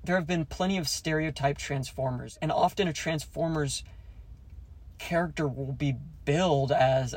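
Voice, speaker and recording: A man's voice: on the high side, fairly even intonation, normal speed, no echo. A man hosting a solo movie review podcast, ranting and joking in a mock-secretive way, acting out quoted lines in a raised voice. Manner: jokey, ranting, mock-conspiratorial. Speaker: podcast host.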